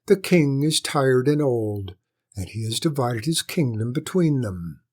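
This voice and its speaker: A man voicing a sly, knowing male court jester in a storybook reading, with a courtly, measured manner. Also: medium pitch, expressive, a little mellow.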